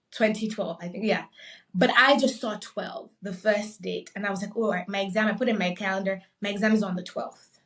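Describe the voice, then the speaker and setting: A young adult woman from Nigeria, a podcast guest, telling a story in a casual, animated way and acting out the voices of the people in it. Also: mid-range voice, far from the mic. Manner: animated, acts out quoted voices.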